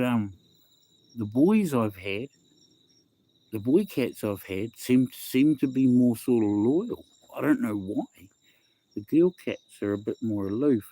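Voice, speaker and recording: Hosting a casual phone livestream, a middle-aged man with a New Zealand accent speaks in a mellow, medium-pitched voice, with no echo in the sound. He loosely rambles, says "bro" and "eh," repeats himself, and reads viewers' chat out loud.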